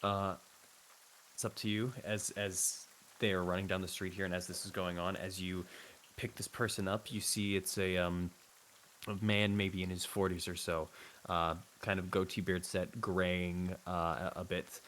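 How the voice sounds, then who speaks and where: A man narrating a tabletop game as game master. He has a fairly low voice and describes the scene in a rambling, hesitant way, with a faint hiss behind him. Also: flat delivery, moderate pace, fairly bright tone, poor audio.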